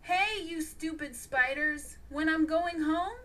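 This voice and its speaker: A woman's voice: very high-pitched, slow, far from the mic, voice pushed up, exaggerated voice. A woman voicing a young captive alien princess who talks emphatically. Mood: defiant. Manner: emphatic, lively.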